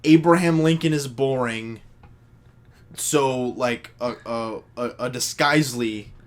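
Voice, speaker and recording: A man's voice: mid-range voice, slow pace. A man co-hosting a podcast in casual chat, rambling and swearing, with lots of "like" fillers. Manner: rambling, profane, full of "like" fillers. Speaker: podcast co-host.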